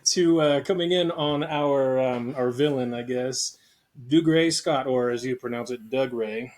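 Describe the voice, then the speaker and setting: A man's voice: medium pitch, steady tone, a little slow, a little mellow. A man co-hosting a casual movie discussion podcast, joking and rambling with frequent laughs. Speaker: podcast co-host.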